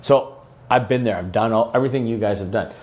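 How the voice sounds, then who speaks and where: A man's voice: on the low side, fast talker, darkish tone. A man in his fifties hosting a casual podcast interview, talking with enthusiasm and rambling through restarts. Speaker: podcast host.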